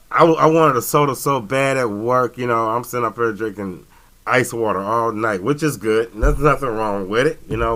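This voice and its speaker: A man's voice: mid-range voice, fairly bright tone. A man hosting a casual talk radio show, rambling and joking with lots of fillers and restarts.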